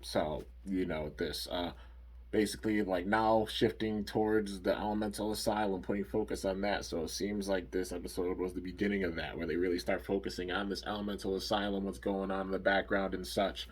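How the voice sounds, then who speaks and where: A man's voice: low-pitched, flat delivery, a little fast, slightly rough. A man giving a casual, rambling recap of a cartoon episode, full of "like" and "you know". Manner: rambling, filler-heavy, frequent "like" and "you know". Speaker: anime episode reviewer.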